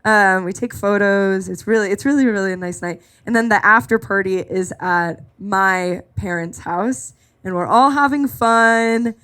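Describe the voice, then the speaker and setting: A woman in her twenties performing live stand-up, telling a story in an animated, self-mocking way and putting on voices for the people in it. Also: medium pitch, measured pace, hardly any pauses, smooth. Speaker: stand-up comedian. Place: live comedy club stage.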